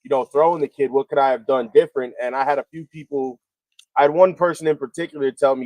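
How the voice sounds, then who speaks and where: Brief: mid-pitched male podcaster, relaxed and conversational, dry close mic. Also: fast talker, dry recording, low-quality recording. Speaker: podcast co-host and wrestler. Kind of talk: casual podcast chat.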